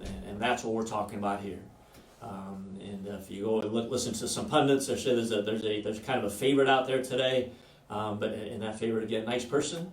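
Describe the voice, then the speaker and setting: Guy from iowa giving an unscripted campaign pitch, stumbly with lots of ums, low voice, kinda far off the mic. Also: a little mellow, slight background noise. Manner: halting, many fillers and restarts. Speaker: political candidate hosting a virtual town hall. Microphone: video call. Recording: roomy echo, off-mic.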